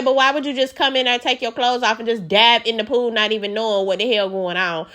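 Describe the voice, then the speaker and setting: Sassy woman vlogger, bright and sharp, outspoken recap host. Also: high-pitched, steady tone, moderate pace. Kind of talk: casual recap commentary.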